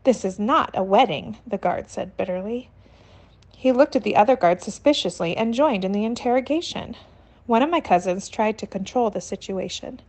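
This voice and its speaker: A woman's voice: medium pitch, lively intonation, normal speed, dark tone. Woman reading a novel aloud. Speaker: narrator. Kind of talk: audiobook narration of a novel.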